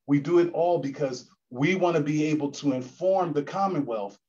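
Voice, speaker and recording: A man from the commission giving formal closing remarks at a virtual event, measured and solemn with a preacherly cadence, over a video call. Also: fairly high pitch, a little mellow. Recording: dull lo-fi call audio.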